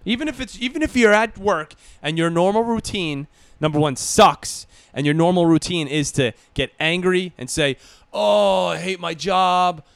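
Dude cohosting a podcast, kinda high voice, dry close mic, cussing and goofing. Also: male voice, animated, moderate pace, smooth, dry recording. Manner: joking, profane, swings into mock pep talks. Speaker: podcast co-host. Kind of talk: casual podcast chat.

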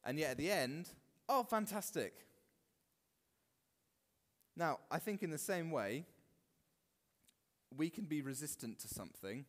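A man preaching a sermon in a church, animated and expressive. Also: fairly high pitch, moderate pace, long pauses, in a large hall. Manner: animated, acts out quoted voices. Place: church hall.

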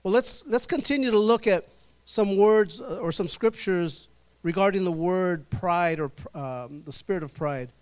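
A middle-aged male pastor preaching a sermon in church, drawing the congregation into call and response and slowing down to stress key words. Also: high-pitched, darkish tone, smooth.

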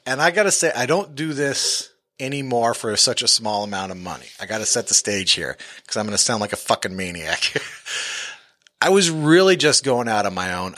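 A man's voice: lowish voice, pushed and bright, no echo, clean studio sound. A man who invests in real estate tells a story from his own deals on a podcast, bluntly and full of profanity.

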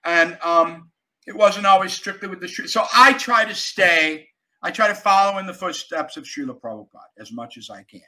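Animated older male storyteller. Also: sits high, moderate pace, low-quality recording. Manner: animated storyteller, emphatic, jumps between loud and quiet. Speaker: guest, character actor and author. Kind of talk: casual interview chat.

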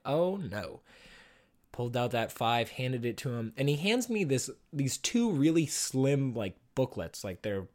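A young man rambles through a funny story on his podcast. He swears freely, mocks himself, and breaks into laughs often. His voice sits at an ordinary middle pitch. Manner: rambling, profane, self-deprecating, laughs often. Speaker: podcast host. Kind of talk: casual comic storytelling.

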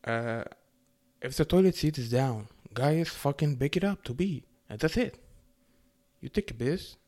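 A young man from the Middle East ranting casually, profane and sarcastic, with animated swings in his voice. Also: medium pitch, a little slow. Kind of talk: casual rant to camera.

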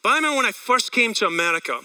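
A man with a Scottish accent preaching a sermon as a pastor. He talks in an energetic, conversational way and asks the congregation questions. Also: very high voice, rapid-fire, clear, resonant tone, recorded from a distance, poor audio. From Scotland.

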